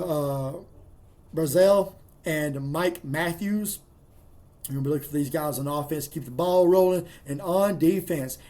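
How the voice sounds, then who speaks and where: An excitable man talks through his college football picks in a folksy, emphatic manner. His voice sits a little high for a man, and he leans hard into his predictions. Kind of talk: casual sports picks monologue.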